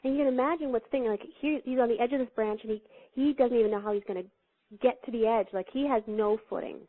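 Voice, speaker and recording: A woman with a somewhat high voice tells teaching stories as an interview guest, slipping into the voices of the people in them. Her voice comes through a thin, tinny phone line. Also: fast. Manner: animated storyteller who acts out the voices in her stories.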